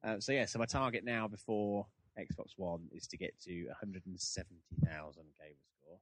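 A young man talks through a casual podcast chat, rambling and poking fun at himself. His voice sits low and is recorded close on a very dry mic with no room sound. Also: steady tone, moderate pace, no room sound. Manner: chatty, rambling, self-deprecating. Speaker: podcast host.

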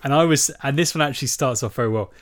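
A man's voice: medium pitch, rapid-fire. A man in casual comedic chat, setting up bits with dry quips. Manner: dry, feeds prompts and quips, laughs often.

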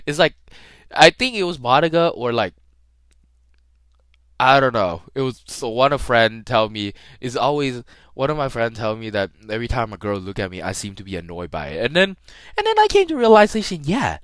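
A young man tells a story alone into a close mic for his podcast. His talk is loose and slangy, full of restarts, and his pitch swoops up and down a lot. The sound is dry, with no room around it. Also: big pitch swings, a little fast, a bit bright, no room sound. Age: young adult. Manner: rambling, slangy, with frequent restarts and laughs. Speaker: podcast host. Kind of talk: casual solo storytelling.

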